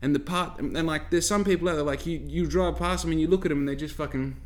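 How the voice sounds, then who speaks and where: A man's voice: a little high, quick pace. A man hosting a podcast, ranting casually to his listeners and swearing heavily. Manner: heavy swearing, ranting, talks straight to listeners. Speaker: podcast host.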